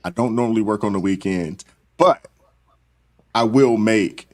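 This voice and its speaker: A man's voice: lowish voice, a little slow, a little mellow. A man hosting a casual livestream chat, laid-back and peppering his talk with "man" and "you know". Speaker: livestream host.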